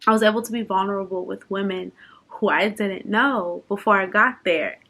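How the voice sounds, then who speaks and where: A woman's voice: mid-range voice, moderate pace, noisy background. A young woman chatting unscripted in a personal vlog, open and emotional, laughing and fighting back tears at times. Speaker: vlogger.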